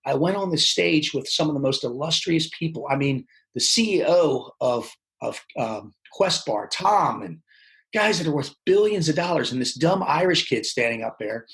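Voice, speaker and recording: A man telling his life story as a podcast guest, animated, acting out the people he quotes. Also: a little high, normal speed, poor audio. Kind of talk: casual storytelling interview.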